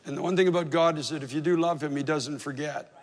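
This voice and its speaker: A male pastor delivers a sermon in a relaxed, storytelling way, poking fun at himself between earnest points. His voice sits a little high for a man. The sound carries a long reverb, as if from a large hall. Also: fast talker. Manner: conversational, self-deprecating storytelling with wry humor.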